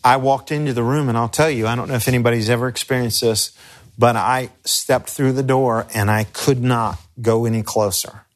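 A middle-aged man, a pastor, teaching crisis care in an earnest, halting, conversational way with personal stories. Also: mid-range voice, fairly even intonation. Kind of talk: instructional talk with personal stories.

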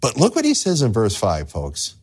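An animated male pastor preaching a sermon, his voice leaping up and down in pitch. He acts out the voices of the figures he tells about, with plenty of drama. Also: moderate pace, slightly rough.

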